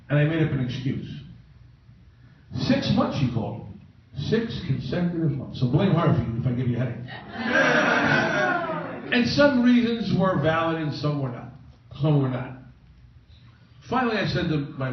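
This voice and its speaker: A man's voice: on the high side, sing-song, moderate pace, pauses often. A middle-aged man giving a humorous, self-mocking personal story as a conference speaker. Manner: anecdotal, joking, self-mocking. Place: large conference room. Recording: echoey, distant, muffled, noisy room recording.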